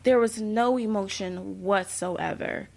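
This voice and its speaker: A woman's voice: medium pitch, slow, creaky, a little mellow. A woman co-hosting a podcast, chatting casually about a film remake, with lots of fillers and restarts. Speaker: podcast co-host. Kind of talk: casual movie review chat.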